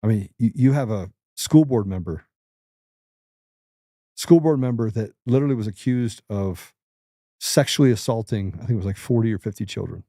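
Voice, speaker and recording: A man's voice: fairly low pitch, normal speed, dark tone, no room sound, clean studio sound. A middle-aged man hosting political commentary, blunt, combative and emphatic. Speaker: host.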